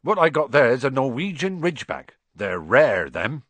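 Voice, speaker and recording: A man voicing a big, kindly, gruff gamekeeper giant with a bluff, blustering way of talking, in an audiobook reading. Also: mid-range voice, big pitch swings, moderate pace, fairly bright tone, dry recording, voice pushed up. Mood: proud. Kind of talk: audiobook character voice.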